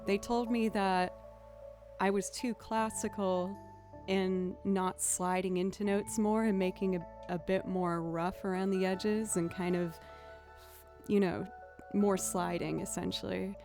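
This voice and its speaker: Casting note: young woman, violinist livestream host, relaxed chatter, quiet music underneath. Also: mid-range voice, unhurried. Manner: chatty, laughs often, thanks viewers. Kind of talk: casual livestream chat.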